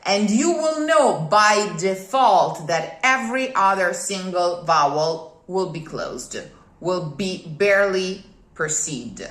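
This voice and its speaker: A woman's voice: mid-range voice, expressive, slow pace, fairly bright tone. A woman with an Italian accent, a native Italian speaker, teaching singers Italian diction in a methodical way, repeating key points and checking in with "okay?". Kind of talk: one-on-one teaching explanation. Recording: roomy echo.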